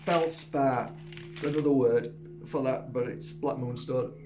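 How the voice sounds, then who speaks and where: A man showing off his crystals in a casual video, gushing with exclamations and squealing up high in delight. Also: fairly even intonation, measured pace, over music. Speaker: crystal seller and workshop host. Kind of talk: casual show-and-tell video.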